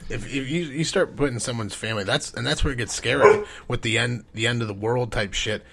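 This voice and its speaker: Guest dude chiming in with quick reactions, gravelly voice, hissy noisy recording. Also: male voice, mid-range voice. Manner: short laughing reactions, loose profane talk. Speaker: podcast guest. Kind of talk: casual chat.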